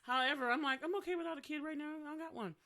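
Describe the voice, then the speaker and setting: A woman's voice: sits high, very fast, bright, forceful tone. Playful laughing woman podcast co-host. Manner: playful, bursts into song, laughs often. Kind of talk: casual chat.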